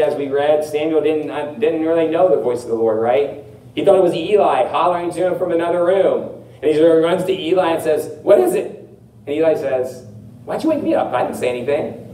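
A man preaching a sermon as pastor, earnest, repeating phrases and slowing down on key words. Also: medium pitch, warm tone, roomy sound, far from the mic, slight background noise, low-quality recording.

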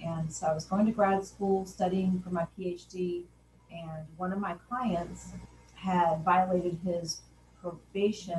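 A woman's voice: on the low side, fairly even intonation, moderate pace, darkish tone, far from the mic. A woman in her fifties tells her own story plainly, a professor who acts out the lines she quotes. She sits some way from the mic. The room is echoey, with a faint hum of background noise. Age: 50s. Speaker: sociology professor. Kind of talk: personal testimony.

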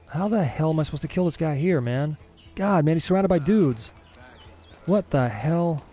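A young man giving casual let's-play commentary as a gaming streamer, excitable and easily frustrated. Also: on the high side, normal speed, soft background music. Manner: excitable, frustrated, swears mildly.

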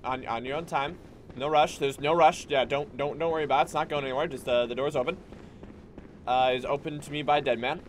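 A man doing live gameplay commentary as a streamer, excitable and swearing, yelping and talking back to enemies. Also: a little high, quick pace, slight background noise. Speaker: gaming streamer.

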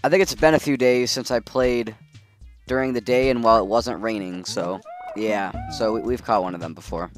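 A man hosting a gaming video, casually thinking out loud as he plays. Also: fairly low pitch, normal speed, soft background music. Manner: relaxed and chatty, thinking out loud. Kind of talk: casual gameplay commentary.

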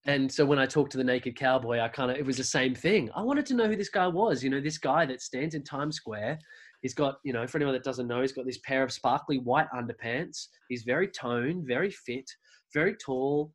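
A man's voice: medium pitch, fairly quick. Rambling Australian man telling stories. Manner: rambling storyteller, many restarts. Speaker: podcast creator, guest. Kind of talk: casual interview chat.

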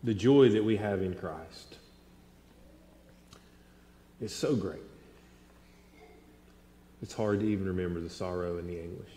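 A man in his thirties preaching a sermon, telling stories with animated swings between loud and hushed delivery. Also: low voice, a little slow, pauses often, a little hiss or hum. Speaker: pastor. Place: large church sanctuary. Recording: echoey hall with long reverb.

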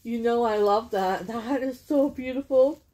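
Canadian lady opening presents on camera, high voice, slow gushy talk, giggles a lot, crinkly bags behind. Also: dark tone. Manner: giggly and gushing, laughs often. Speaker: vlogger opening a gift package. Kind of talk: casual unboxing chat. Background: crinkling bags and packaging.

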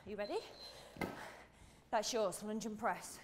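A woman's voice: mid-range voice, slow pace, background noise. A woman leading a workout as fitness instructor, breathless, counting reps and pushing the listener hard, wearing a clip-on mic. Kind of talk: workout coaching.

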